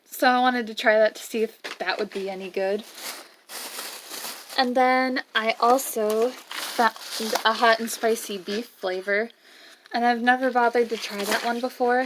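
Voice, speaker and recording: A woman's voice: fairly high pitch, noisy background. A young woman with the hiccups, chatting casually in her dorm room as she shows off the things she bought. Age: young adult. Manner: chatty, showing off purchases. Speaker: vlogger. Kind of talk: casual vlog chat.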